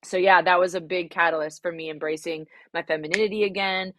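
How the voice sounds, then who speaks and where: A woman's voice: on the low side, fairly even intonation, quick pace, a little hiss or hum. A young adult woman, a singer-songwriter, answering interview questions frankly and reflectively, with many fillers and some swearing.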